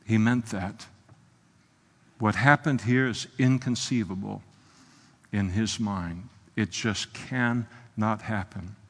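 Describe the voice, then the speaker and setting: A man's voice: lowish voice, slow, pauses often, husky. Impassioned man preaching in a reverberant hall. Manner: impassioned, swings from soft to loud with emphatic quotes. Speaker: pastor. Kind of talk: expository sermon.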